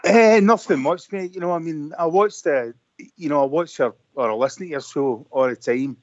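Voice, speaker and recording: A man's voice: a little high, a little fast, no room sound. A Glaswegian man in his fifties calling in over a computer, chatting casually and rambling with many fillers. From Scotland. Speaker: caller. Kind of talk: casual phone-in chat. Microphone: computer call. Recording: dull lo-fi call line.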